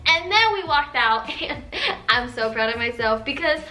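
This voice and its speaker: A young woman vlogger telling stories to camera in a sassy, animated way, swearing freely. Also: high-pitched, brisk. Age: young adult. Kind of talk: casual storytelling to camera.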